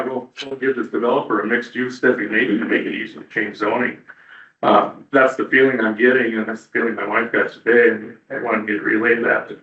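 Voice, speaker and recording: A man making a public comment at a meeting, halting and full of fillers, skeptical in tone. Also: mid-range voice, a bit bright. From United States. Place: council chamber. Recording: dull, roomy meeting audio from far off.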